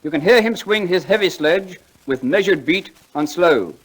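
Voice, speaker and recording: A man's voice: high-pitched, expressive, normal speed, breathy edge, poor audio. An actor playing a pompous man who recites poetry in grand tones and snaps at interruptions, in 1940s radio comedy style. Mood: declaiming. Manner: declaims grandly, snaps in irritation.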